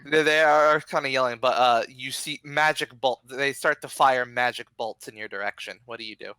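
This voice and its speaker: A man narrating as game master in a tabletop game, halting with many pauses and restarts. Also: medium pitch, bright, forceful tone, clean tone, no echo.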